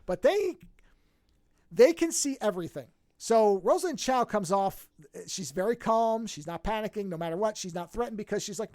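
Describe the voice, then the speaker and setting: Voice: medium pitch, moderate pace, dry recording. A podcast host casually recapping a TV series, telling it with energy and acting out the characters' lines, often restarting and correcting mid-sentence. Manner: animated storytelling, acts out characters' lines.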